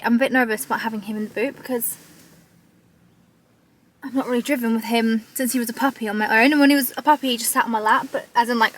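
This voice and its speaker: A woman's voice: on the high side, a bit bright, reverberant, poor audio. A young woman in casual chat to camera, rambling with lots of "like", filming herself on a phone outdoors on a walk. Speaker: lifestyle vlogger.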